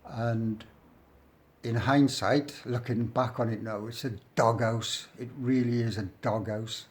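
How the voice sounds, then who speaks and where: In casual spoken storytelling, a middle-aged English man with a working-class accent describes his time in prison, loose and rambling. He swears without hesitation, often shifts into the present tense, and talks slowly in a mid-range voice with fairly even intonation.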